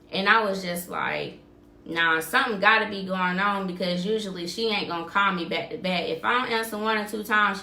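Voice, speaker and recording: A woman hosting a podcast tells a story in casual talk, vividly retelling it and acting out the quoted dialogue. Her lowish voice sounds pushed and bright, and the recording is roomy.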